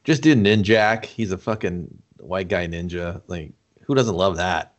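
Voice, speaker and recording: A man's voice: low voice, unhurried. A man co-hosting a casual movie talk, laid-back and profane, laughing often. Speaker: podcast co-host. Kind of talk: casual chat.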